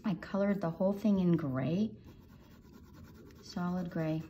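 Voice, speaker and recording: A woman guiding viewers step by step through coloring a drawing, in a gentle instructing manner. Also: lowish voice, measured pace, muffled recording, slight background noise. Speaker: art teacher. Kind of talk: drawing tutorial narration.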